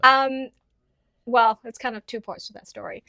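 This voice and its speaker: A woman's voice: fairly high pitch, steady tone, moderate pace, vocal fry, bright, forceful tone, no room sound. Chatty woman guest with a dry sound. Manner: chatty storyteller, acts out quoted voices. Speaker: guest, herbalist and business owner. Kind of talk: casual interview chat.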